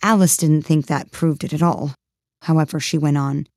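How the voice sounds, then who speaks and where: A woman narrating a storybook in a calm, even storytelling manner. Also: low-pitched, moderate pace, dry recording, studio quality. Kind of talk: storybook reading.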